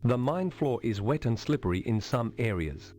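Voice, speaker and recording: A man's voice: mid-range voice, expressive, normal speed, darkish tone, faint music behind, natural voice. A man voicing a matter-of-fact narrator in a 1990s adventure game, describing objects plainly.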